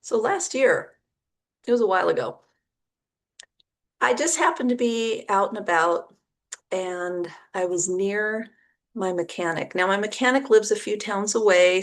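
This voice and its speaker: A woman's voice: mid-range voice, normal speed. A middle-aged woman casually telling a personal story to camera, acting out the people in it. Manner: animated, acts out quoted dialogue with gasps and laughs.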